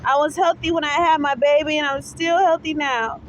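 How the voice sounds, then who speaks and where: High-voiced woman crying in an angry rant. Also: steady tone, moderate pace, low-quality recording. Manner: angry, tearful, profane, repetitive. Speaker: mother posting a video appeal. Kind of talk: emotional selfie vlog rant. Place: outdoors at a city bus stop. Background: faint street traffic and passersby.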